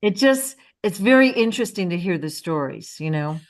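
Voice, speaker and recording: Woman host w a lower voice, musing and encouraging, laughs along. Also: lively intonation, normal speed. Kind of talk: casual interview chat.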